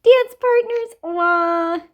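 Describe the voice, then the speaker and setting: Her voice is very high-pitched and very slow, and the recording sounds muffled. She's a gaming creator offering casual, giggly play-along commentary, excitedly gushing about the game's cuteness.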